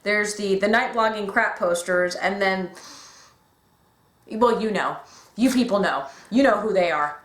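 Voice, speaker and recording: A woman in casual fan chat, excitable and gushing, acting out quotes as she talks. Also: medium pitch, unhurried, pauses often. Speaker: podcast guest. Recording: echoey room.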